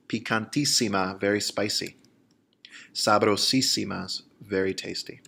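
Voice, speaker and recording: A man explaining grammar in a recorded lesson, slowing down to spell out examples. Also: on the low side. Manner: steady explanatory pace, slows to spell out examples. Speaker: Spanish teacher.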